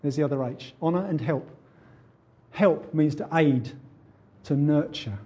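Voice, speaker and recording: A man's voice: a little high, a little slow, warm tone, breathy edge, dull audio. A man preaching a sermon in an earnest, conversational way. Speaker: pastor.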